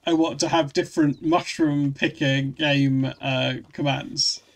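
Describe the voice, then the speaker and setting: Male streamer, gravelly and a touch high-pitched, loose rambling chat delivery. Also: fairly even intonation, a little slow. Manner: rambling, restarts often, reads chat aloud. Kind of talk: casual live-stream chat.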